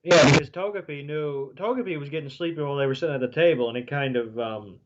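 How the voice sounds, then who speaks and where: A man's voice: a little high, fast, highs cut off, a little hiss or hum. A man co-hosting a podcast, recapping a cartoon episode in rambling casual chat full of "you know", swearing now and then. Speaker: podcast co-host.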